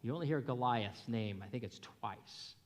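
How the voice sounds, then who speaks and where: A man preaching a sermon as pastor, telling a Bible story in an animated, emphatic way. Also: medium pitch, normal speed. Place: church hall. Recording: long reverb of a hall.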